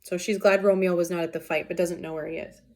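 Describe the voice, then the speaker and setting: A woman's voice: on the low side, steady tone, fast, darkish tone. A woman teacher reading a play aloud and explaining it in casual, plain modern words. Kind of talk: read-aloud lesson with explanations.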